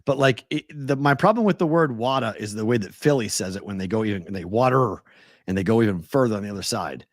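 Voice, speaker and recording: A man's voice: on the low side, fast talker, hardly any pauses, no room sound, clean studio sound. A man with a Boston accent hosting a sports betting show, casual and joking, swearing now and then. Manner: playful, jokey, swears casually. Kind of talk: casual sports talk banter.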